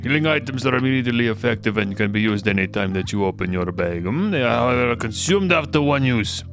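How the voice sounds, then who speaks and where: Brief: a man doing a stiff, lecturing teacher voice, gravelly and bright, for a game. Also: mid-range voice, expressive, fast talker, faint music behind. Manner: formal, lecturing. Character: male school teacher, formal and lecturing. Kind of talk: voicing game dialogue during a playthrough.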